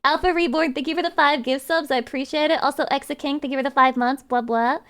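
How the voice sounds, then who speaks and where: High-voiced woman rambling on stream. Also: steady tone, quick pace, a bit bright. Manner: chatty, rambling, laughs and restarts. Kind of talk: casual stream chat.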